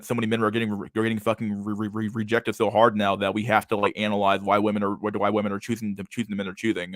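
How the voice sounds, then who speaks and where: A man's voice: fairly low pitch, fairly bright tone, dry recording, clean studio sound. A young man hosting a casual livestream, talking over videos in a rambling, profane way and repeating his words. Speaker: streamer host.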